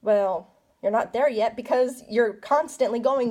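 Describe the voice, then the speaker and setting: A woman's voice: sits high, takes it slowly, darkish tone. A woman giving a casual card reading, talking straight to the listener in a chatty, coaching way full of rhetorical questions. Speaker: tarot card reader.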